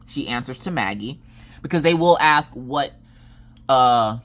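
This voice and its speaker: A woman's voice: very deep voice, expressive, measured pace. A woman craft vlogger in a casual chat, telling a rambling story with many fillers and restarts.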